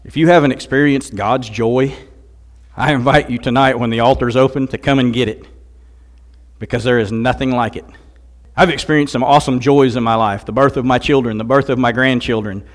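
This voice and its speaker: Older man preaching earnestly. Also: medium pitch. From Missouri, USA. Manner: earnest preaching, rising to emphatic outbursts. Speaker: guest speaker. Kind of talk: sermon with personal testimony.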